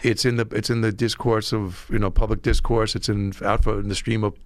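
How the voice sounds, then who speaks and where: A man's voice: on the low side, level tone, a little fast, no echo. A man guest author in casual chat, telling stories bluntly with some swearing. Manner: storytelling, profane.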